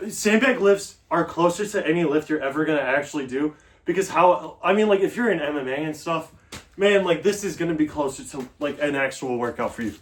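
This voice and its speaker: Man, fitness vlogger, casual coaching, rambling fillers, a bit high-pitched. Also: lively intonation, a little fast. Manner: loose, talky coaching with fillers. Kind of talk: casual workout demonstration.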